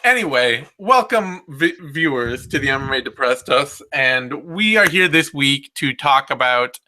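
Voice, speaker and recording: A man's voice: medium pitch, animated, a little slow, bright, forceful tone. A man hosting a casual podcast chat, talking in a rambling, wry way and often restarting his sentences. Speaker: podcast host.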